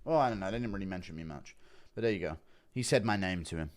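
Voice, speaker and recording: A man's voice: sits low, lively intonation, quick pace. A man hosting a livestream, reacting to a podcast clip and reading chat messages in a blunt, rambling, swear-heavy way.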